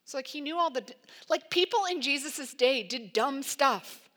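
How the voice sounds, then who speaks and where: A woman pastor preaching a sermon in an emphatic, conversational way, full of "like" and quick asides. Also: sits high, lively intonation, fairly bright tone.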